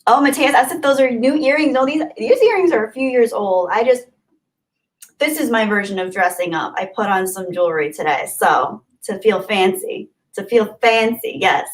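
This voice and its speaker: A woman's voice: a little high, lively intonation, a little fast. A woman hosting a live stream, chatting casually and greeting viewers from the chat with gushing, friendly thanks. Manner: warm, gushing, chatty with frequent laughs. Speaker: livestream host. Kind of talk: casual livestream chat reading.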